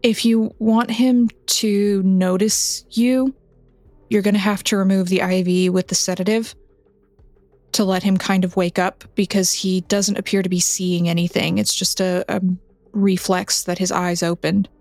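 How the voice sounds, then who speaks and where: A woman narrating a tabletop game as game master, in a measured, descriptive way. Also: mid-range voice, little pitch movement, darkish tone, dry recording, faint music behind.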